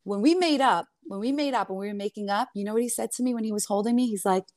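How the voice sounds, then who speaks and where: A woman guest in an interview tells her story emphatically, firing off indignant rhetorical questions. Her voice sits at a middling pitch. The recording is close and dry, with no room sound. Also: fast talker, darkish tone, no echo. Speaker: reality TV star guest.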